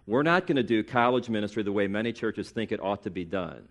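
A man's voice: lively intonation, fairly quick. A man in his late forties preaching a sermon as pastor, emphatic, with sarcastic mimicked excuses and rising force on key points. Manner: emphatic, rises in pitch and volume for punchy lines.

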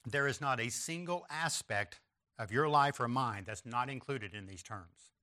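Bright-voiced man preaching a sermon. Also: mid-range voice, moderate pace. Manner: emphatic repetition with rising stress on key phrases; references an outline and slides to listeners.

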